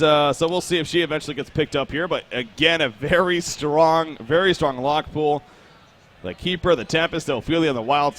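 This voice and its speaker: A man's voice: on the high side, a bit bright. A young man casting an esports match live, chatty and joking, often restarting his sentences. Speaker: esports caster. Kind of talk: live game commentary.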